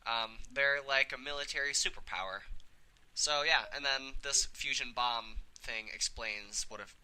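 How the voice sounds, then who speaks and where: A young man hosting a let's play, reading a visual novel aloud with casual, halting asides. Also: mid-range voice, pushed and bright, clear, resonant tone, low-quality recording.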